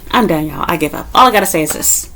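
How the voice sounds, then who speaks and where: A woman's voice: low-pitched, expressive, brisk, creaky, bright, forceful tone, slight background noise, rough recording. A woman vlogger ranting straight to the camera, blunt, sarcastic and full of swearing, her voice jumping up sharply when she makes a point. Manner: blunt, profane and exasperated; sarcastic, with mocking asides. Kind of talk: monologue rant to camera.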